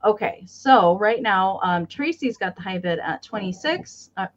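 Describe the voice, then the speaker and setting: A woman's voice: medium pitch, lively intonation, measured pace, dull audio. A woman hosting a live-stream sale in a casual, chatty way, describing each item in detail with frequent ums and counting down bids.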